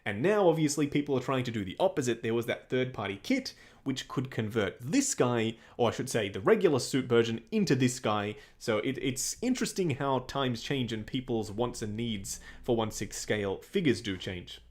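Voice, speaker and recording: A man's voice: mid-range voice, sing-song, normal speed, darkish tone. A young Australian man hosting a casual livestream, reading viewer questions aloud and answering them in a chatty way. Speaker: livestream host answering chat.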